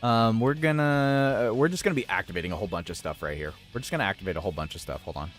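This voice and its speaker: A man's voice: on the low side, rapid-fire. A man chatting casually on a game live stream, talking to viewers and his pets. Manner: chatty, talks to viewers and pets, laughs often. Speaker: gaming streamer. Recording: faint guitar music behind.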